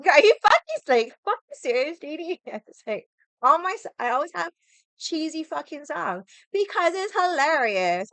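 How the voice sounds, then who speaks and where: A young woman vlogger chats casually with her livestream viewers, rambling, swearing freely, and laughing a lot. Her voice is high-pitched and a bit bright, and the recording is dry.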